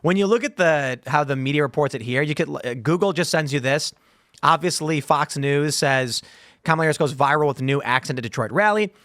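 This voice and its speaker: A male podcast host reading news headlines out loud and breaking off to react in disbelief. His voice sits a little high for a man, recorded close and dry with no room sound. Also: fairly quick, no room sound. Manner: reads headlines aloud with incredulous asides. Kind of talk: casual podcast talk.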